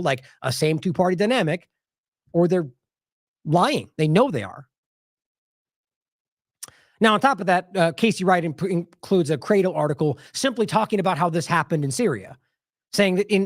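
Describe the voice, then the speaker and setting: A man's voice: high-pitched, no echo, clean studio sound. A man giving casual independent news commentary, indignant and talking straight to his viewers while he reacts to social media posts.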